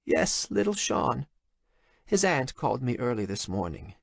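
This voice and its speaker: A trembling, hushed mother on a phone call in a horror audiobook, voiced by a male narrator. She speaks in halting, softened phrases, pitched well above his own voice, and the recording is close and dry. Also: very animated, creaky, dry recording, exaggerated voice. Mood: shaken. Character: soft-spoken grieving older mother on a phone call.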